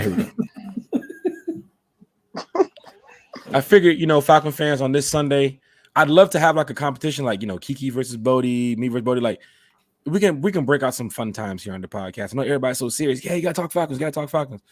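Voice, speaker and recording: A man's voice: mid-range voice, brisk, long pauses, dry recording. A man hosting a casual sports podcast, boisterous and profane, telling dad jokes to his co-hosts. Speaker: podcast host.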